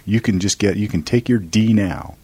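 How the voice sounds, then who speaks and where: Rambling husky lawyer in his forties. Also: fairly low pitch, moderate pace, a little mellow. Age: 40s. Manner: rambling, storytelling with quoted asides and laughs. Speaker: lawyer and podcast host. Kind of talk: casual chat.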